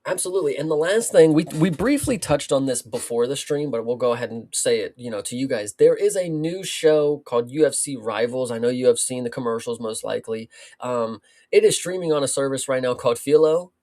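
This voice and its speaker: A man's voice: mid-range voice, animated, a little fast, dark tone. A man co-hosting a casual sports talk show, rambling with lots of fillers and restarts. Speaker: podcast co-host. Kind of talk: casual chat.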